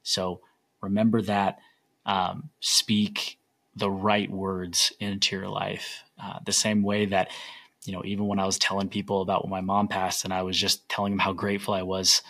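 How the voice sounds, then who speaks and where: A man's voice: sits low, monotone, moderate pace, fairly bright tone. A young man hosting a solo podcast, telling stories in an earnest, rambling way. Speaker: podcast host.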